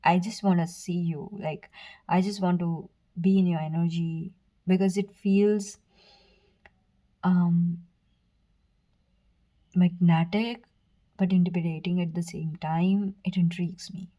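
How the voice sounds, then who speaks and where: A woman giving a pick-a-card tarot reading, speaking softly and earnestly to the viewer, with fillers, restarts and brief whispers. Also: lowish voice, fairly even intonation, slow, long pauses, rough recording. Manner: soft, earnest, direct address with fillers and self-corrections. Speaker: tarot reader.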